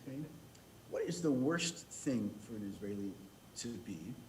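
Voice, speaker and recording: An American man from the United States telling a humorous story as a rabbi leading services, with quick restarts. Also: lowish voice, big pitch swings, slight background noise, rough recording. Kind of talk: storytelling sermon.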